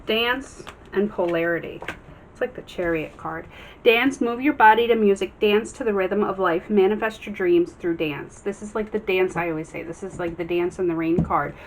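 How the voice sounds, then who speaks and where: A woman's voice: mid-range voice, normal speed, slight background noise. A woman giving a casual tarot reading to her viewers. She talks earnestly and encouragingly, with many ums and restarts. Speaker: tarot reader.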